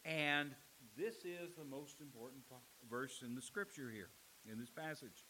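A man preaching a sermon as pastor, with emphatic delivery, dramatic pauses and acted-out quoted lines. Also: medium pitch, bright, forceful tone, a little hiss or hum, poor audio.

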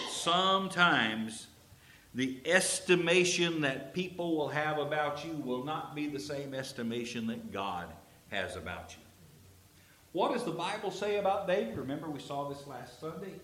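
Animated preacher in a roomy hall. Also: male voice, a little high, measured pace. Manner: animated storytelling, acts out quoted characters. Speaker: pastor. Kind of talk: sermon. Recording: roomy echo.

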